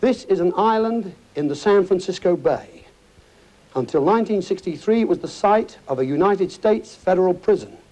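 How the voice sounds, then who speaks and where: A man's voice: sits high, expressive, normal speed, mellow, poor audio. A man hosting a TV game show, chatty, jokey and encouraging with the contestants. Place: TV studio before an audience.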